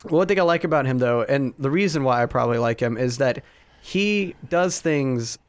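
A man's voice: mid-range voice, normal speed, clean tone. A young man co-hosting a casual chat, rambling through stories with plenty of fillers and restarts. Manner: rambling, frequent fillers and restarts, animated storytelling. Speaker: podcast co-host.

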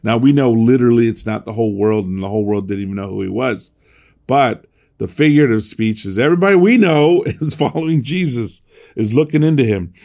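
A man's voice: medium pitch, lively intonation, a little fast, gravelly, darkish tone. Chatty man teaching a Bible class. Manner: conversational, restarts often, reads scripture aloud.

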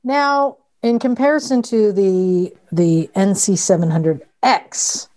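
A woman co-hosting a podcast in casual chat, lively and chatty. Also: medium pitch, takes it slowly. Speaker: podcast co-host.

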